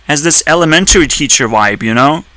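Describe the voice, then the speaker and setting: Sharp-voiced ranting man. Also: expressive, fairly quick, dry recording, rough recording. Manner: profane, erratic ranting with sudden high-pitched outbursts. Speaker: YouTuber. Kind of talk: ranting commentary.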